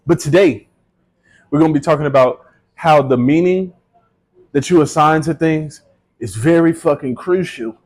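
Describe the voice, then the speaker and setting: A man with a slightly high voice talks straight to camera in a loose, conversational monologue. He swears freely and jokes as he goes, recorded close on a small personal mic. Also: moderate pace, pauses often, a little mellow. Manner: profane, joking, conversational. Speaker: manifestation vlogger.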